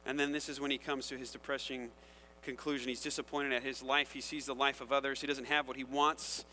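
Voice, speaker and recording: A man preaching a sermon in a casual, conversational and animated way, often checking in with the audience. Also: mid-range voice, fairly quick, long reverb tail, a little hiss or hum. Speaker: pastor.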